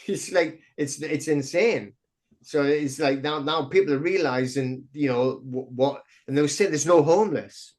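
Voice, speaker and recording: A middle-aged man, a podcast guest telling stories in a rambling, excitable way full of restarts. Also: a little high, measured pace. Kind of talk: casual interview chat.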